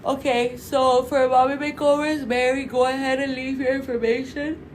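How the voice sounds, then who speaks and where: A woman presenting a live-streamed product pitch for a clinic, chatty and salesy, addressing viewers as "you guys" and repeating set sales phrases. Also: flat delivery, moderate pace, a little hiss or hum, low-quality recording. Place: indoors under bright lights.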